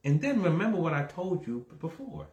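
A man preaching a conversational sermon that starts low and calm and builds into emphatic, raised exhortation. He repeats himself and keeps checking with the listeners. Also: a little fast, roomy sound, muffled recording. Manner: repeats words, asks the audience "right?".

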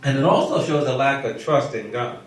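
A man leads a Bible class, reading scripture in a slow, solemn way before shifting to relaxed teaching and questions for the group. His voice sits in a medium register. The recording is very roomy and distant. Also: mid-range voice. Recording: echoey room, mic far off.

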